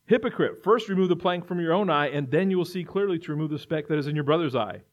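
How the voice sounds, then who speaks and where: A man's voice: fairly high pitch, quick pace. Earnest preacher man, muffled recording. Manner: earnest, building to emphatic repetition. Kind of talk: sermon. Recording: dull lo-fi recording.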